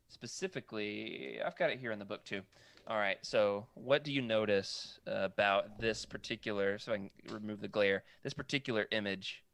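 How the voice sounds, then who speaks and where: A man's voice: lowish voice, vocal fry, a bit bright, no echo. Rambling man with a dry close sound. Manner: rambling, self-correcting, stumbles over names. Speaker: podcast co-host. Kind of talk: casual chat about comic art books.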